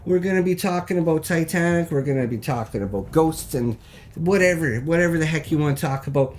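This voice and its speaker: A man hosting a live call-in show, reading mock local news in a rambling, deadpan, jokey way that stumbles over words. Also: a little high, brisk, slight background noise.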